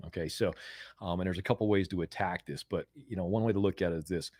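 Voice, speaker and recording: With a deep, slightly rough voice and a quick pace, an American man in his forties tells stories as a guest in a conversational interview; he works as a mental performance coach. There's no echo. He's animated, repeats his words, and loudly acts out quoted voices.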